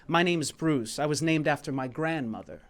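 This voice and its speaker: A man's voice: a little high, a little fast. A man from the United States telling a personal story at a live showcase, rambling and repeating himself in a heartfelt way, with bits of song. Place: small venue in Paris.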